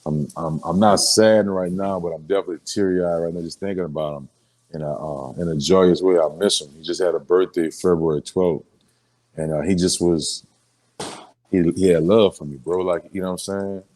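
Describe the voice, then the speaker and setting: Deep, dark-voiced man telling stories. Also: fairly even intonation, normal speed. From New Orleans, Louisiana. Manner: emotional storytelling with street slang, many filler phrases. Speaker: interview guest, rapper. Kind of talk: casual sit-down interview.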